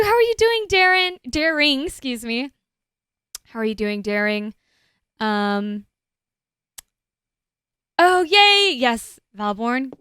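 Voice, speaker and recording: A woman's voice: fairly high pitch, sharp tone, clean tone, dry recording, clean studio sound. A young woman with a West Coast US accent, chatting casually with viewers while streaming a game, rambling with frequent restarts.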